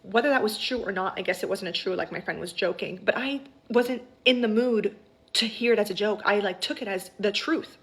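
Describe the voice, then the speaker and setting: A woman's voice: mid-range voice, a little fast, fairly bright tone, rough recording. A woman vlogger telling a story in a heated, indignant rant, full of "like" fillers.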